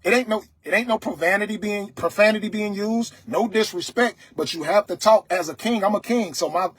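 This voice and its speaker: A man lectures his livestream audience in a loud, stern, preaching voice and keeps checking in with "you understand me?" His voice sits high for a man and has a husky grain. The sound is close and dry, with no room echo. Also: brisk. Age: adult, father of several children. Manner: dialect grammar, repeated "you understand me?". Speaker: livestream host. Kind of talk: motivational talk to viewers.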